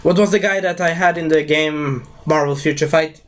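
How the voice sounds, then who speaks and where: Rambling, excitable young man. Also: a little high, normal speed. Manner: rambling, excitable, lots of fillers and broken grammar. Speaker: movie reviewer. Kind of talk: casual live movie review.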